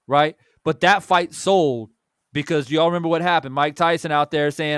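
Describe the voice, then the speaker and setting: A fairly high-voiced young man hosts a boxing talk show from close to the mic in a dry room, with no echo. He tells stories in an animated way, restarts his sentences a lot and swears casually. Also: moderate pace, clear, resonant tone. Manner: animated storytelling with many restarts and repeated words. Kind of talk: casual chat.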